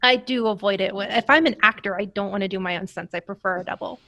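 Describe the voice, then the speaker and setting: A woman actress, a guest in a casual interview, telling lively anecdotes and laughing as she talks. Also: mid-range voice, quick pace, no echo. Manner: animated storyteller, laughs while telling anecdotes.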